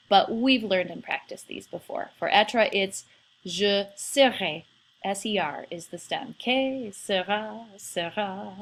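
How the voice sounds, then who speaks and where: A woman teacher runs a recorded French lesson, playful and encouraging as she spells out verb stems and conjugations letter by letter. Her voice sits at an ordinary middle pitch. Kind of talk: recorded remote class lesson.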